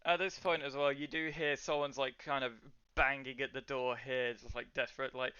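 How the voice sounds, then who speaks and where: Man running a tabletop game, bright smooth voice, filler-heavy narration, dull lo-fi mic. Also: mid-range voice, level tone, normal speed, dry recording. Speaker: game master.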